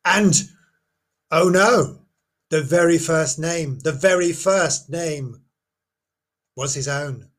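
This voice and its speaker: A man with a slightly husky, somewhat high voice tells a spooky folklore tale. He talks casually and playfully, breaking off for theatrical exclamations and wry asides. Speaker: folklore storyteller.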